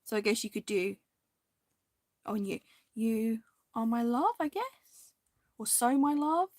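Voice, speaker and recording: A woman hosting a crafting video, chatting casually and indecisively to viewers, now and then dropping into soft half-whispered asides. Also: on the high side, measured pace, dry recording.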